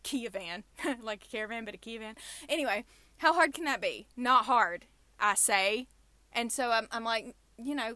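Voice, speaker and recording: A woman's voice: fairly high pitch, normal speed, bright, forceful tone, dry recording. A young adult woman hosting a casual podcast, telling stories and ranting animatedly from a small closet booth. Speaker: podcast host.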